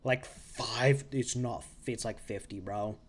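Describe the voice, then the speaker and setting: A man's voice: mid-range voice, slow pace. Rambling young man recapping comics. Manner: rambling, self-interrupting, animated asides. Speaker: comics reviewer. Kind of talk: casual recap monologue.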